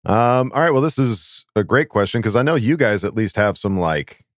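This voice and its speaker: Lively young man hosting a casual chat. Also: fairly low pitch, normal speed, dry recording. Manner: reads questions in playful put-on voices. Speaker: podcast host reading listener questions.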